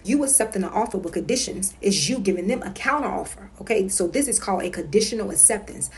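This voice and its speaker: A woman's voice: medium pitch, animated, quick pace, hardly any pauses, a little hiss or hum. A woman talking straight to her viewers in a casual home vlog. She is emphatic and repeats herself, and she keeps checking in with "okay?". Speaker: consumer-rights vlogger. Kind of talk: casual instructional monologue.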